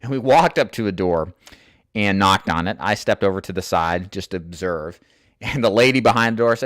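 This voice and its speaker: A male insurance sales coach talks straight to camera in a casual, earnest way, with fillers now and then. His voice sits fairly low, and the recording is dry and close. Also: lively intonation, a little fast, a bit bright, no echo. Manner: earnest, plain-spoken, many fillers.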